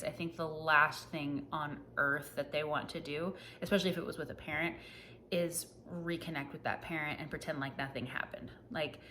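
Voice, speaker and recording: A woman in her thirties chatting casually about books she read, self-deprecating and quick to laugh at herself. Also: low voice, fairly bright tone, slight background noise. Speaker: book reviewer. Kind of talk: casual book wrap-up chat.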